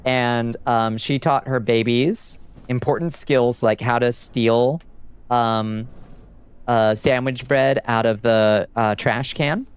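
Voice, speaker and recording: Man, casual gaming streamer, smooth clear voice, mid pitch, rambling and profane, desk mic at home. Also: steady tone, slow. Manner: loose and profane, rambling with fillers. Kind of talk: casual gameplay chat with viewers.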